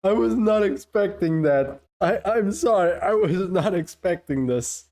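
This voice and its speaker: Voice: mid-range voice, expressive, a little slow, darkish tone. A streamer giving live playthrough commentary, swearing often and laughing through the talk.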